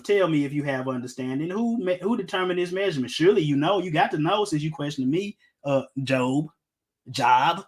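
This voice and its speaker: A man's voice: a little high, a little fast. A middle-aged man preaching an informal Bible-teaching sermon, emphatic, firing rhetorical questions and joking with his listeners.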